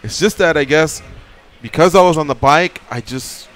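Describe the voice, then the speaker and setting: On the high side and at a moderate pace, a man's voice rambles through a story while co-hosting a radio show in the studio. He's lively, profane, and acts out others' words, with faint music playing behind him.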